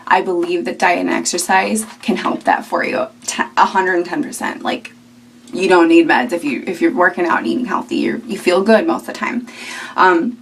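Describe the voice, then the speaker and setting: A woman's voice: lowish voice, steady tone, moderate pace, creaky, recorded from a distance, slight background noise. A young woman in her twenties talking casually to camera at home, chatty and rambling with fillers. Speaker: vlogger. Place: at home indoors.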